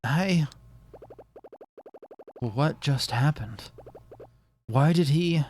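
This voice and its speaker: A man's voice: fairly high pitch, drawn-out words, a little mellow, soft background music. Casting: streamer reading a scared, confused girl from a mystery game, in a plain voice. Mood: bewildered. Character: young girl, frightened and confused.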